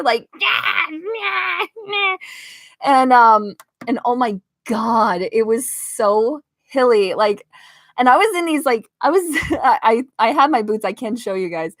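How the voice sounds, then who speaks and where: Speaking into her desk mic from a home bedroom, this Las Vegas live-streamer, a young woman, narrates a story for her viewers, laughing a lot and voicing the other characters. Her voice is mid-range and a touch bright. The recording is dry and of studio quality.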